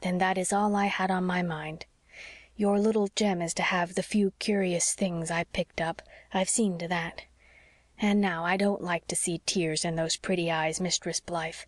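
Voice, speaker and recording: A woman reading as a frail, gentle old sea captain. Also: lowish voice, steady tone, unhurried, no room sound, clean studio sound. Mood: tender.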